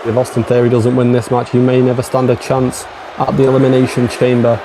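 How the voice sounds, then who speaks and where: A man's voice: medium pitch, monotone, fairly quick, background noise. A man doing casual color commentary for a wrestling match, chatty, with swearing and a lot of "mate".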